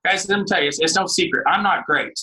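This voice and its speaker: A man in his thirties giving a fired-up motivational pep talk on a team call, shouting often and calling the listeners "guys" and "man". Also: high voice, fast, rough recording. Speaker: guest speaker on a team call.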